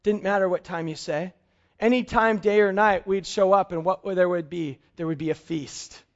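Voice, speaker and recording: A man preaching a sermon as a pastor, telling family stories in an animated way and slowing down to stress key points. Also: high voice, lo-fi sound. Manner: storytelling, animated, slows for emphasis.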